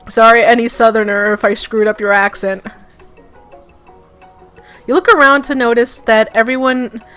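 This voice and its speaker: A young Brooklyn woman with a Brooklyn accent chats and reads her way through a game, giggly and rambling, with lots of fillers. Her voice sits fairly high, and she takes her time, with faint music playing behind her. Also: a bit bright. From Brooklyn, New York. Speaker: let's play host. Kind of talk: casual game commentary and reading aloud.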